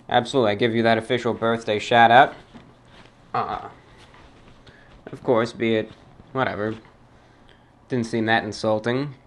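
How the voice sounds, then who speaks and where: A man from the New York area with a British-New York blend accent, hosting a talk show and reading fan mail in a formal, measured, dry way. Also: fairly low pitch.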